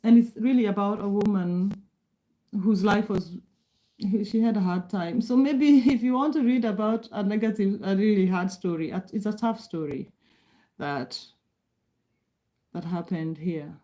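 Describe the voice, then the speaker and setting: Chatty woman from Kenya, mellow voice. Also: mid-range voice, measured pace, long pauses, low-quality recording. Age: middle-aged. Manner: chatty, apologetic, laughs often, restarts sentences. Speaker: live stream host. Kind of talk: casual live-stream chat reading comments.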